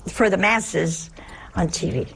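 Gravelly-voiced woman giving a folksy sermon. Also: on the low side, slow, slight background noise, rough recording. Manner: chatty, humorous, asks rhetorical questions.

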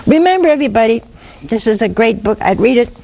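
A woman giving gentle, folksy spiritual counsel to a caller, often checking in with "see?". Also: fairly high pitch, expressive, fast, creaky, rough recording. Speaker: religious advice host.

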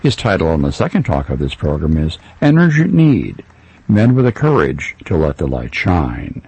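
A man hosting a program, introducing the next talk in a measured announcing style. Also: extremely low pitch, wildly swooping pitch, a little mellow, slightly rough, dry recording, rough recording. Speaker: radio program host.

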